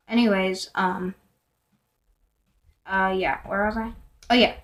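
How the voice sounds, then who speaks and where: A woman's voice: mid-range voice, steady tone, slow pace. Rambling young girl telling a storytime. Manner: rambling, full of fillers and asides, sometimes whispering. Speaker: vlogger. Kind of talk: storytime vlog.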